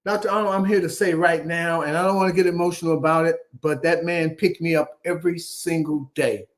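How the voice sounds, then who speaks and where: Older Chicago-raised man with a slightly high voice, telling stories and acting out the voices in them. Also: fairly quick. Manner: animated storyteller who acts out the dialogue. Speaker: guest, former basketball player. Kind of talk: storytelling interview.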